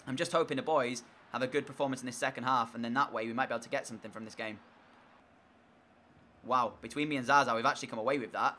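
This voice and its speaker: A young man giving live commentary over his own video game match, switching between steady play-by-play and loud, frustrated outbursts. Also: medium pitch, fast, a little hiss or hum. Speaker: gaming YouTuber.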